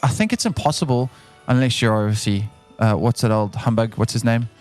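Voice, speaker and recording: A South African man co-hosts a casual podcast at an ordinary middle pitch. He speaks earnestly, often repeats himself, and gets worked up when he insists on a point, with soft music playing faintly behind him. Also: fairly quick. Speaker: podcast co-host.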